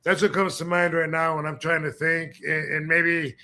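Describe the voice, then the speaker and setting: A man's voice: on the high side, flat delivery, normal speed, sharp tone. A man hosting a casual talk show, telling a story in a laid-back, rambling way. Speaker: host. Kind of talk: casual chat.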